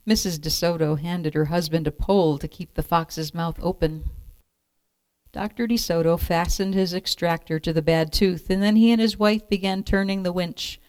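A woman calmly reading a children's picture book aloud as storyteller. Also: on the low side, moderate pace, no echo.

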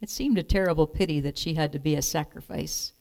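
A woman reads a children's storybook aloud, her voice slightly low for a woman. Her delivery is clear and expressive, the steady rhythm of a read-aloud story. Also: quick pace.

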